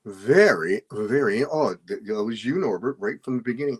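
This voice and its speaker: A man hosting as a stage hypnotist, with a playful, coaxing delivery that jumps into excited exclamations. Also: fairly low pitch, normal speed, hardly any pauses. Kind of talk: playful live hypnosis demo. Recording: roomy echo.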